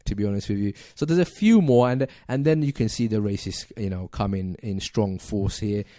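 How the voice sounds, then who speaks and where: A man's voice: on the low side, moderate pace, mellow, no room sound, clean studio sound. A man co-hosting a talk radio show in casual chat, sarcastic and laughing often as he reads tweets aloud with plenty of fillers. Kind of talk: casual current affairs chat.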